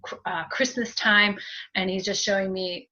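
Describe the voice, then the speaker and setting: Gentle chatty woman medium, lo-fi. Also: medium pitch, steady tone, normal speed. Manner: gentle, chatty, many fillers and thank-yous, soft laughs. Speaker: medium giving a group reading. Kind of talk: spiritual reading, conversational.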